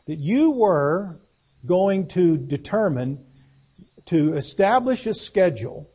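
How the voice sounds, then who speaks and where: A preacher delivering a sermon in a plain, folksy manner, often turning to the congregation with questions. His voice sits fairly high for a man and has a husky, breathy edge. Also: mellow, muffled recording.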